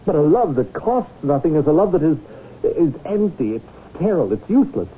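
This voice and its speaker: A man's voice: a little high, big pitch swings, a little fast, slight background noise. An actor playing a pompous, theatrical man devoted to his whale, in a 1970s radio drama, grandly preaching his cause. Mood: sanctimonious. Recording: tinny lo-fi old radio broadcast.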